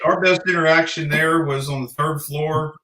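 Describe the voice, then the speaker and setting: A man's voice: fairly high pitch, steady tone, normal speed, a crowd in the background. A man, a paranormal investigator and podcast guest, talking in a blunt, easygoing, plain-spoken way. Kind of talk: casual podcast chat. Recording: echoey room.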